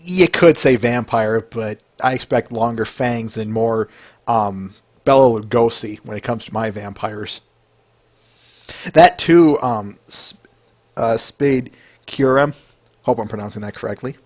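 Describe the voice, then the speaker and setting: An unhurried man with a medium-pitched voice hosts a podcast, enthusing about fan art in casual chat. His talk is chatty, sprinkled with fillers and laughter.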